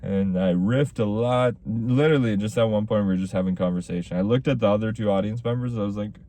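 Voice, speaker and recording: Young male comic-host, low mellow voice, loose storytelling monologue. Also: fast. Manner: rambling storytelling with acted-out quotes. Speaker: podcast host; stand-up comic. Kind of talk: casual solo chat.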